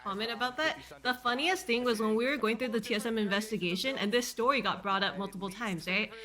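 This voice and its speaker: A woman with a fairly high voice tells a quick casual anecdote. She sounds amused as she talks. Loud crowd chatter fills the background.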